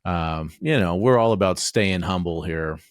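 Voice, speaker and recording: Sports podcast co-host, forties, very deep voice, dry close sound, self-deprecating humor. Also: male voice, a little slow, no room sound. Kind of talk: casual sports chat.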